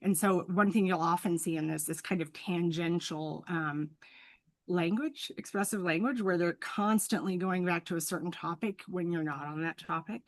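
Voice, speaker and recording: Low-pitched woman explaining clinical ideas. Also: normal speed, no echo. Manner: earnest, teacherly, with frequent "right?" check-ins. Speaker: speech-language pathologist guest. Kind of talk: explanatory professional conversation.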